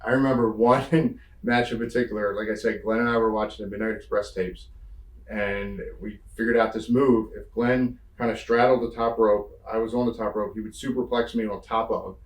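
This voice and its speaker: This interview guest, a man from the Northeastern US, recounts road stories in a fairly quick, lowish voice. He's casual and lively, acting out what people said and swearing without restraint. He sits far from the mic, so the sound is roomy.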